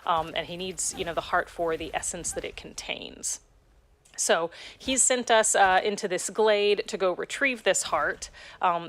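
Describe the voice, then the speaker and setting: A woman game director calmly explaining a game in a preview video. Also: on the low side. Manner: measured, explanatory.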